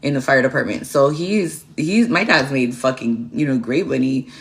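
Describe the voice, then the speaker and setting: A woman's voice: rumbling low, moderate pace. A woman streaming a tarot session chats casually and bluntly, swearing often. She rambles from point to point and breaks off to thank viewers by name. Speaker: tarot reader and livestream host. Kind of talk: casual livestream chat.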